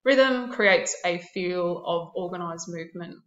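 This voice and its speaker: A woman's voice: on the low side, unhurried, echoey room, lo-fi sound. A woman art teacher narrating a classroom lesson, explaining terms and listing examples with a few fillers.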